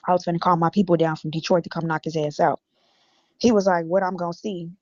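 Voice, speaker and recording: This woman from Illinois appears as a guest on a stream, reading her text messages aloud bluntly and cursing heavily. Her lowish, slightly mellow voice keeps a steady tone at a quick pace, and the dry recording sounds dull and lo-fi.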